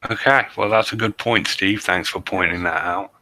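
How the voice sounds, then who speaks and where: A man's voice: lowish voice, normal speed, bright, forceful tone, rough recording. A man co-hosting a podcast, reading the story aloud and needling his co-host with wry patience. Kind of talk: casual banter.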